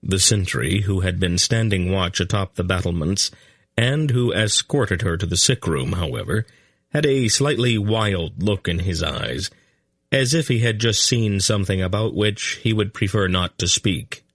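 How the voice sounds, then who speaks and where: Deep-voiced male narrator, slow measured read, dry close sound. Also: expressive, fairly bright tone, no echo. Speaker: audiobook narrator. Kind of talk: scripted narration.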